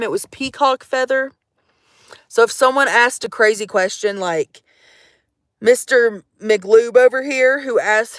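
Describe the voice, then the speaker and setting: A woman's voice: on the high side, fairly bright tone, dry recording, studio quality. A young woman rambling to her livestream viewers in a jokey, profane, casual chat from out in the woods. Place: outdoors in the woods.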